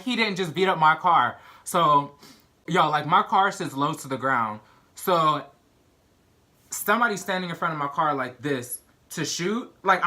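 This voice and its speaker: A young man vlogger telling a story in an animated, casual way, full of "like" and "you know what I mean". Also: fairly high pitch. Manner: animated, filler-heavy storytelling. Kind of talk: storytime vlog.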